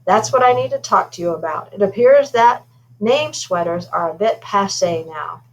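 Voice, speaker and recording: A woman reading aloud, voicing a smooth male shop owner who delivers bad news with false politeness. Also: medium pitch, expressive, moderate pace, low-quality recording. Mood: falsely apologetic.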